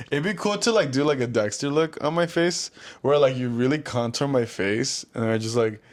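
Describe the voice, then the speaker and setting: A young man co-hosting a podcast, chatting casually and rambling through loose, animated stories. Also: medium pitch, moderate pace. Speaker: podcast co-host. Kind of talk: casual chat.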